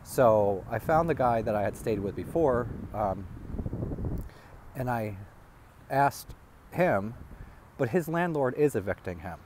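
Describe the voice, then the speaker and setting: A man telling a rambling personal story as a vlogger, halting and restarting as he talks. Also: mid-range voice, expressive, noisy background.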